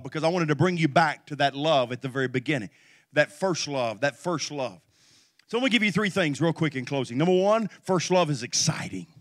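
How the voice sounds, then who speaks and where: A middle-aged man preaching as a pastor, his voice sitting high for a man. He moves from storytelling to loud, rousing exhortation with call-and-response. The sound is close and dry. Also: dry recording. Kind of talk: sermon.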